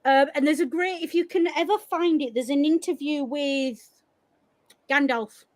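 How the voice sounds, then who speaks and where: High-voiced Yorkshire woman, blunt. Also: normal speed. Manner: animated, blunt, swears freely. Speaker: podcast co-host. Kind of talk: casual chat.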